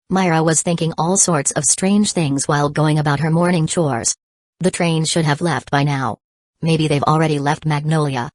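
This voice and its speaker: A woman narrating a fantasy audiobook in an even, measured reading. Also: low-pitched, dry recording. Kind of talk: scripted narration.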